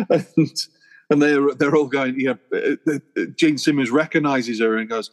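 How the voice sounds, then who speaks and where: This podcast co-host is a man with a fairly high voice who talks at a normal speed. He's chatting casually and laughing as he tells a funny story.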